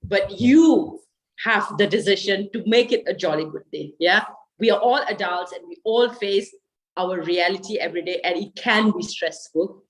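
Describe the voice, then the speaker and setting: A woman's voice: mid-range voice, moderate pace, poor audio. A woman leading a guided laughter yoga session over a video call, coaxing and encouraging her listeners.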